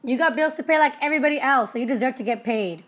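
A young woman with a high, bright-sounding voice talks straight to her listeners in a loose motivational monologue. She is blunt and profane, and she tells her stories with plenty of animation, like an energy healer talking about running her own business. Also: fast.

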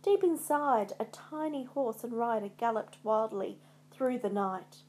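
A woman narrating a storybook in a dramatic, measured way. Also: a little high, darkish tone.

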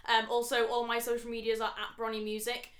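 A woman's voice: fairly high pitch, monotone, fairly quick, a bit bright. A woman co-hosting a podcast in casual chat, chatty and swearing freely. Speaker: podcast co-host.

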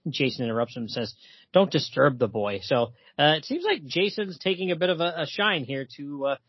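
A man's voice: fairly high pitch, big pitch swings, brisk, slightly rough, no echo, dull audio. A man hosting a podcast, casually chatting and reading comic-book dialogue aloud with light emphasis and frequent chuckles. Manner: reads quoted lines with light emphasis, chuckles often. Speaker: podcast host.

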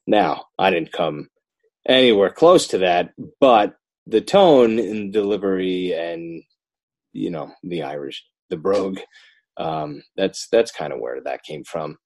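Deep-voiced man, animated and dry. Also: slow pace, no echo. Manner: animated, self-interrupting, rising emphasis. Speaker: children's book author, guest. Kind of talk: casual interview talk.

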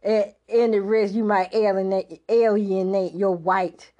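Blunt, profane woman talking slowly over a speech clip, cutting in to push back. Her voice comes through a dull, lo-fi phone recording. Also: medium pitch, steady tone, warm tone. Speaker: podcast host reacting to a speech. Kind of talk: casual reaction commentary. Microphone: phone voice message. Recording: dull lo-fi voice message audio.

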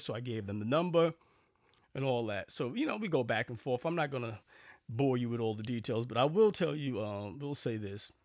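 A man's voice: medium pitch, animated, a little fast, darkish tone, dry recording, studio quality. A man talking casually to camera in a rambling, sarcastic vlog, full of fillers and restarts. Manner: chatty, sarcastic storytelling with frequent fillers and restarts. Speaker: vlogger.

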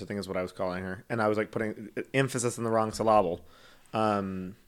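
A man's voice: fairly low pitch, steady tone, fast, clear, resonant tone. A man co-hosting a casual podcast, joking and chatty, often trailing off mid-sentence. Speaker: podcast co-host. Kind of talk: casual chat.

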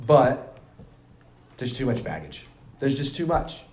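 A man's voice: medium pitch, sing-song, slow pace, darkish tone, roomy sound. A man talking politics in a heated, emphatic way, swearing freely and repeating a rallying slogan. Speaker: libertarian activist guest.

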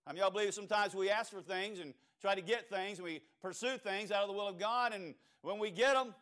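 A Cajun preacher with a notably high voice for a man. He delivers his sermon in a storytelling way, pauses on fillers and restarts, and keeps asking the congregation whether they agree. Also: a bit bright. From Louisiana. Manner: storytelling with rhetorical questions to the congregation and frequent fillers.

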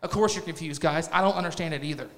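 Brief: male comic, 30s, high voice, crude and self-mocking stand-up, reverberant club hall. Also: quick pace, fairly bright tone. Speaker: stand-up comedian. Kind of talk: profane stand-up set. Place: comedy club stage.

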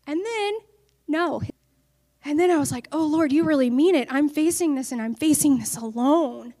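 A woman's voice: sits high, moderate pace, mellow. A woman preacher giving an earnest sermon that builds to emphatic declarations.

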